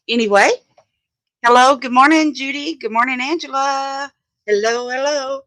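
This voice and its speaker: A woman's voice: mid-range voice, sharp tone, dry recording. A woman hosting a casual crafting live stream from her home desk, chatting as she works, greeting viewers by name and thinking aloud. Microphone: phone.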